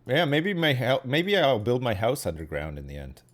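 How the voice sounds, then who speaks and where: A man's voice: medium pitch, huge pitch swings, normal speed. A Canadian man chatting casually on a stream, rambling and often ending with "right?". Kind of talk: casual chat.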